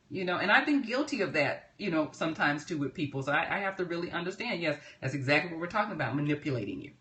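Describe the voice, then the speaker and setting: A woman with a somewhat low voice teaches on a live stream as a personal development trainer. She keeps it chatty and upbeat, laughs easily, and often checks in with her listeners. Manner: lively and chatty, often asks "right?" and laughs.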